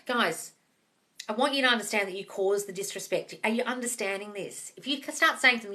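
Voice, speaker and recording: Blunt sweary woman, bright voice. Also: mid-range voice, moderate pace, long pauses. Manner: blunt, sweary, emphatic, calls listeners darling and guys. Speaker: manifesting coach hosting a live Q&A. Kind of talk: blunt casual live-stream advice. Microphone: phone or webcam on a live stream.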